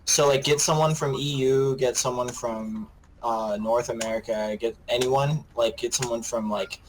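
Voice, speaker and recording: Brief: casual male podcast co-host, quick to laugh, noisy call audio. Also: mid-range voice, steady tone. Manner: brainstorming, laughs often. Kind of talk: casual chat.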